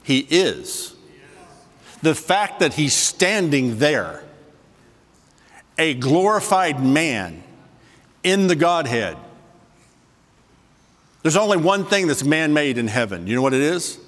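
A man preaches a sermon in a somewhat raised voice, slowing and softening for emphasis, then speeding into quick asides to the room. The sound carries a long reverb from the large church hall. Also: fairly high pitch, sing-song. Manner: swings between soft slow emphasis and quick asides to the congregation. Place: church sanctuary with a congregation.

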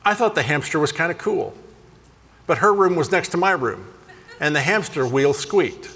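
Male preacher, fairly high, animated comic storyteller, reverberant hall. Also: normal speed, breathy edge. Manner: animated, jokey, self-deprecating. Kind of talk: humorous sermon storytelling.

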